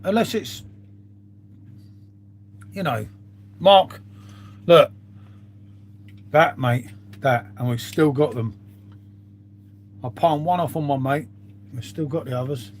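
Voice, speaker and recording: A man's voice: fairly high pitch, slow, pauses often. A middle-aged man, chatting casually to viewers on his live stream, swearing freely and calling them mate.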